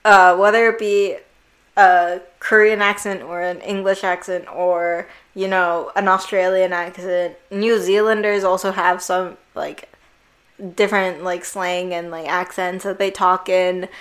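A woman's voice: lowish voice, level tone, a little slow, a bit bright. A young woman co-hosting a casual chat, rambling and losing her thread now and then. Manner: rambling, loses her thread, laughs easily.

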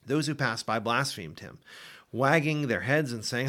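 A man reading scripture aloud for a daily Bible podcast, with an expressive, dramatic delivery. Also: medium pitch, unhurried. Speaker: Bible reader.

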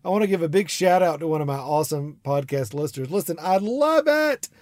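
His voice is a little high, expressive and fairly quick: a podcast host and artist mentor from South Georgia with a Southern accent, chatting casually from his studio. He's warm and rambling, with plenty of fillers and laughs, captured on a studio microphone with no room sound.

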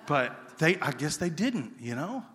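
A man preaching and telling a story in a lively way, acting out the quotes. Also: a little high, unhurried. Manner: animated storyteller, acts out quotes. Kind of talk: sermon storytelling. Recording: reverberant hall.

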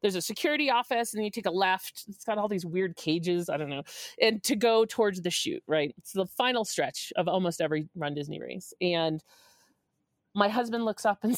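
A woman in her forties, a podcast guest, telling a story in a lively, laughing way and acting out the quotes. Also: moderate pace, no echo, studio quality. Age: 40s. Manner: lively, laughing, acts out quotes with big pitch jumps. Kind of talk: animated storytelling.

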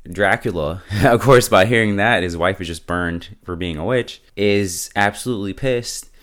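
A man's voice: on the low side, moderate pace, fairly bright tone. A man hosting a show, casually recapping an episode in a slangy, laid-back way and chuckling often. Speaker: show host.

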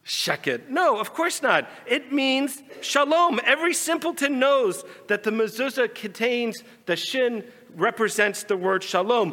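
A man, a rabbi, telling a folk story in a sermon, animated and raising his voice for quarrelling characters. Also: high-pitched, a little slow. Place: large synagogue sanctuary. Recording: long hall reverb.

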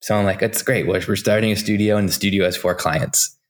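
Deep-voiced guy in his 40s, chatty interview guest, lots of ums and restarts. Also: fairly even intonation, a little fast. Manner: chatty, anecdotal, many fillers and restarts, laughs often. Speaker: interview guest, design executive. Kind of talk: casual storytelling interview.

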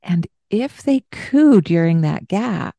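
Slow, warm-toned woman host, breaks into sing-song baby talk for examples; dry close mic. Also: fairly low pitch, sing-song, gravelly, dry recording. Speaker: parenting podcast host. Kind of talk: casual explanatory chat.

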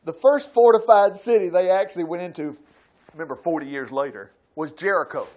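A man teaching a Bible study sermon in a folksy way, acting out quotes with sudden loud outbursts. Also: sits high, a little fast. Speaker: preacher.

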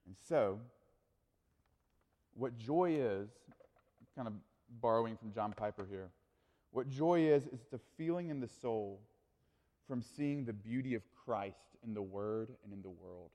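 Animated male youth pastor in echoing hall. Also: lowish voice, measured pace, pauses often. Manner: animated, casual storytelling with frequent fillers. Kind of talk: storytelling sermon.

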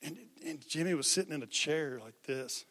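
An impassioned male preacher with a forceful, ringing voice, pitched a little high for a man. He hammers phrases through repetition. His voice rings out through a large hall with long reverb. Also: moderate pace. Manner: impassioned, repeats phrases for emphasis. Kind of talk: sermon.

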